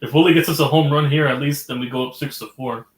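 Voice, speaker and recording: A man in a casual sports chat, reacting with excitement as he watches baseball. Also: medium pitch, quick pace, echoey room.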